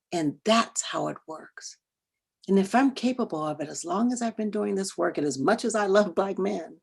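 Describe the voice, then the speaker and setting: Expressive woman presenter, hushed to emphatic. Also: fairly low pitch. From United States. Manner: expressive, moves between hushed earnest asides and loud emphatic bursts; repeats phrases for emphasis. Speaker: workshop presenter. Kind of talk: educational talk.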